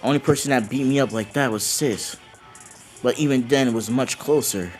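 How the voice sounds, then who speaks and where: A man improvising a casual fan-fiction story in first person, loose and excited, swearing and acting out the dialogue with lots of fillers. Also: mid-range voice, normal speed, soft background music.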